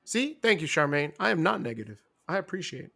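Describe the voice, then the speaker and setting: A young man with a fairly high voice co-hosts in loose, joking podcast banter. He teases his partner and keeps the talk animated. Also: quick pace, creaky. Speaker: wrestling review co-host.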